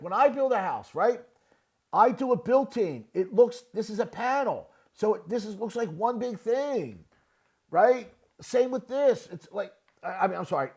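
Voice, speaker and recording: Blunt gravelly man with a high voice. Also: darkish tone. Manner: blunt, repetitive, asks "right?" often. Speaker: real estate builder reviewing a listing. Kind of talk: casual screen-share commentary.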